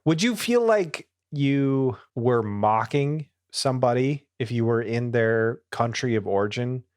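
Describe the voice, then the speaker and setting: A man's voice: mid-range voice, animated, unhurried, a little mellow, clean tone, dry recording. A young man co-hosting a podcast in casual chat, enthusiastic and often laughing. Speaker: podcast co-host.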